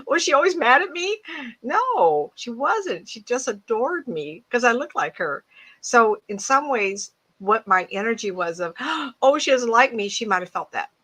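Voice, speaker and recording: A woman's voice: medium pitch, bright, forceful tone. A woman psychic medium talking casually to an online audience through earbuds, chatty and laughing as she tells stories from her life. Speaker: psychic medium guest speaker. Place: home, mid-move.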